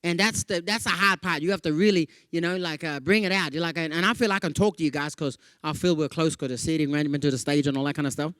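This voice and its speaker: An Australian comedian gives a keynote of stand-up stories to a live audience, animated and slipping into playful voices for those he quotes. His fairly high voice moves quickly with hardly any pauses, peppered with chatty "yeah?" and "you know." The studio sound is clean, with no room sound.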